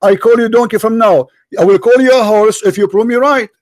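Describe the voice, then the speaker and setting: Mocking high-voiced man. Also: brisk, a little mellow, no room sound. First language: Arabic. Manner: mocking, insulting, repeats himself. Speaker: debate host. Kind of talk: heated live debate.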